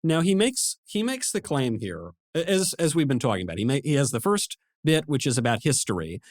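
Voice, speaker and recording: Lively-voiced male podcast host. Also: medium pitch, brisk, no echo, studio quality. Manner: agreeable, interjects short affirmations. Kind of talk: political talk.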